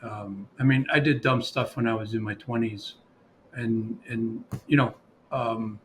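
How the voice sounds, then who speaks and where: A man in casual conversation, his pitch sitting right in the middle, his words coming out in rambling stories full of ums, restarts and quoted dialogue. A faint hiss of background noise runs under the voice. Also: steady tone, measured pace. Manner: rambling with fillers and restarts, quoting others. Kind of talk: casual storytelling.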